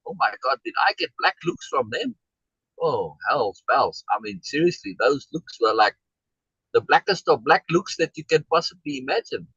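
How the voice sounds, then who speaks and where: Rambling man with a husky voice. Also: medium pitch, very animated, moderate pace, pushed and bright, no echo, lo-fi sound. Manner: rambling, with many restarts and tag questions like "right?"; acts out quoted exchanges in a raised voice. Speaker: discussion group leader. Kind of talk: casual storytelling in a group discussion.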